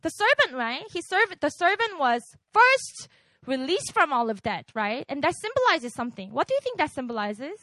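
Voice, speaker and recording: A woman from outside America delivers a casual sermon to a young congregation, chatting with them and repeatedly quizzing them with "right?" Her voice sits high and sing-song, a bit bright, at a moderate pace, and the recording has no room sound.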